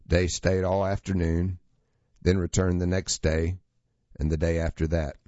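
A man reading a true story aloud as scripted narration, steady and measured. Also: low-pitched, dry recording, muffled recording.

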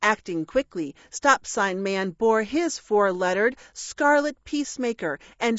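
A woman reading a rhyming children's story aloud with a measured, expressive delivery. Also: medium pitch, no echo, dull audio. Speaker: narrator.

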